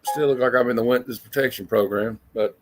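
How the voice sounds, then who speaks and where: A man hosts a loose movie review chat from his home over a video call. He rambles and leans on fillers, at an ordinary pitch. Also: fairly even intonation, fairly quick. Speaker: host. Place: home room with lights.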